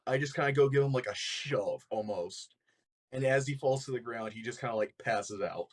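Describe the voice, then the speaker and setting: A man's voice: medium pitch, moderate pace. A man playing a tabletop game, describing his character's actions with many likes and kinda's. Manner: rambling, filler-heavy. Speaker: player. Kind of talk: casual game chat.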